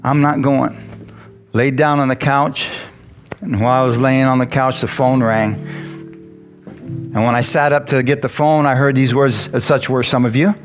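A man's voice: mid-range voice, normal speed. A man preaching a sermon in a church, telling his own story and calling out questions to the congregation. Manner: animated, calls out to the congregation. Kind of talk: sermon with personal testimony. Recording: guitar music playing behind the voice. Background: guitar music.

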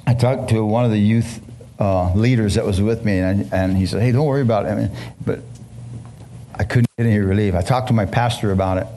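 A middle-aged man preaching a testimony to a congregation, impassioned and halting, with many restarts and questions thrown to the listeners. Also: fairly low pitch, steady tone, warm tone, a little hiss or hum. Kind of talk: emotional sermon testimony.

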